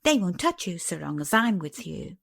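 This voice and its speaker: A plucky young miner boy talks in a brisk, confident way, sure of himself, as a woman reader puts him on. His voice moves lively and bright with assurance, in a spoken storybook. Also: on the low side, creaky, heavily acted.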